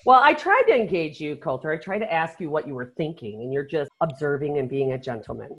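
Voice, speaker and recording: Woman host, chatty storyteller, pitch swinging widely, lo-fi call audio. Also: quick pace. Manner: animated storyteller, swears, acts out quotes, laughs often. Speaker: podcast host. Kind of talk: casual chat. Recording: dull lo-fi sound.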